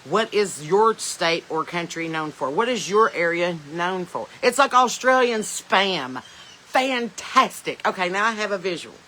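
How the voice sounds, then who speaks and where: A woman's voice: fairly low pitch, expressive, a little slow, sharp tone, slight background noise, poor audio. A woman podcast host with a Southern American accent, chatting casually and joking while reading viewer comments, laughing often. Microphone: phone.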